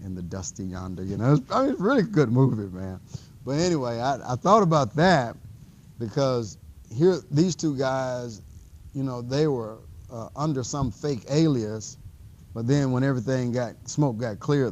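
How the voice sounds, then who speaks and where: Relaxed, low-voiced male math teacher. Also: normal speed, a little hiss or hum. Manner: rambling storyteller, frequent restarts and fillers. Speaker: math instructor. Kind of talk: classroom lecture.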